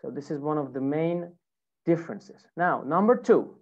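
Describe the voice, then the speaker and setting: A woman with an American accent teaches pronunciation online. Her voice is low and mellow, and she speaks slowly, repeating each word for her learners. The audio is dull and lo-fi. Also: expressive. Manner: slow, repeats words for learners. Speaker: English teacher.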